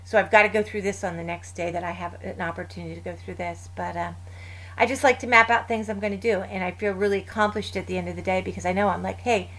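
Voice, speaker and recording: A woman in her fifties, a guest in a casual chat, telling lively stories and acting out family voices with laughs. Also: lowish voice, quick pace.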